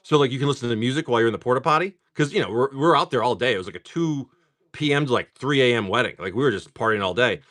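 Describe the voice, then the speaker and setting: A man in his forties chatting casually on a live stream while opening card packs, rambling and swearing, with filler words and frequent throat clearing. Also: medium pitch, rapid-fire, fairly bright tone. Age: 40s. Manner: rambling, profane storyteller.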